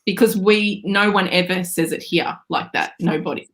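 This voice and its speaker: A woman's voice: fairly low pitch, normal speed, fairly bright tone. A woman with an Australian accent, a guest author on a live show, easygoing and laughing often between phrases. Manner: giggly, easygoing. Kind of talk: casual chat on a live show.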